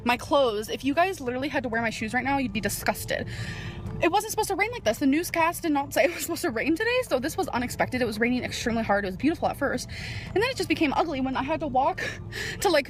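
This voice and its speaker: A woman vlogging her day, talking anxiously about her nerves and worries. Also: a little high. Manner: nervous, anxious, self-pitying. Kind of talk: vlog diary.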